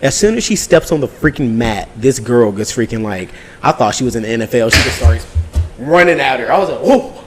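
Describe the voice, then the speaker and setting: A man co-hosting a podcast, telling a story in a casual, animated way, full of swearing and acted-out quotes. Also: medium pitch, fairly quick, a little hiss or hum, rough recording. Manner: animated, profane, acts out quotes. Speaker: podcast co-host.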